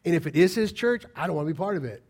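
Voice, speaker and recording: A man preaching a sermon as a pastor, firing rhetorical questions and swinging between loud emphatic lines and quiet asides. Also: on the high side, expressive, rapid-fire.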